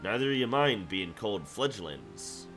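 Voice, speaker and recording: A man's voice: fairly low pitch, very animated, a little slow, creaky, fairly bright tone, faint music behind, full character voice. A man putting on a boastful pirate sellsword. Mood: scornful. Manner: pirate accent with "me" for "my".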